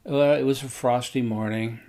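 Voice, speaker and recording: A man recounting a personal story in a relaxed, conversational way. He rambles a bit and fills gaps with hesitations, in an ordinary mid-range voice. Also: medium pitch. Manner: unhurried, rambling, with frequent hesitations.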